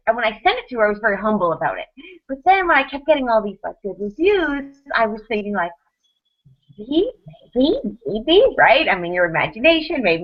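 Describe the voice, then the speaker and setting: A woman in her thirties on a podcast panel, telling a personal story in quick, animated bursts with restarts and laughs. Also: a little high. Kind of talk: casual storytelling chat. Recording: dull lo-fi podcast audio.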